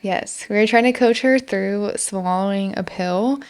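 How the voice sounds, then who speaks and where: Female podcast co-host, 30s, gravelly fry, playful and laughing. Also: medium pitch, a little slow. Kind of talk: casual chat.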